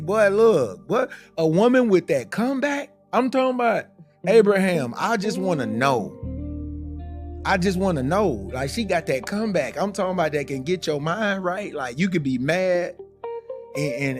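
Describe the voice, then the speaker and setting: Animated man chatting over music. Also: high-pitched. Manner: animated, playful, repeats and stammers. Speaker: livestream host reading viewer comments. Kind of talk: casual live-stream chat.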